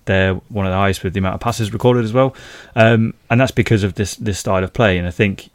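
Male pundit, low voice, casual, full of ums and restarts, dry recording. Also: fairly even intonation, fast talker, dry recording. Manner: conversational, with frequent fillers and restarts. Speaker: football pundit. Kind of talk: casual football podcast chat.

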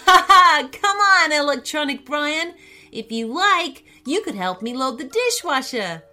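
A woman voicing an excited young boy inventor who talks in eager exclamations. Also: high-pitched, slow pace, faint music behind, voice pushed up, full character voice.

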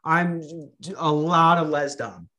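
A man's voice: on the high side, slow pace, bright, forceful tone. A man hosting a podcast, chatting casually and crudely, rambling with jokes and restarts. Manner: rambling, joking, frequent restarts. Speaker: podcast host. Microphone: remote call mic.

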